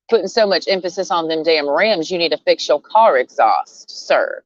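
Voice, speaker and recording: A woman's voice: sits low, lively intonation, moderate pace, hardly any pauses, no room sound. A woman venting in a casual rant to camera, blunt and sarcastic, swearing freely and laughing between jabs. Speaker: vlogger. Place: outdoors, sitting under a tree. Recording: dull, lo-fi sound.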